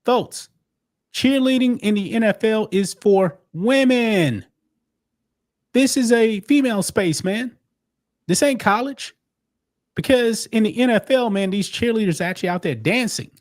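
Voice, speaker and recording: An emphatic male commentator with a fairly high voice. He delivers opinionated video commentary and drops "man" and "folks" into nearly every sentence. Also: animated, a little slow. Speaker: commentator in a played clip.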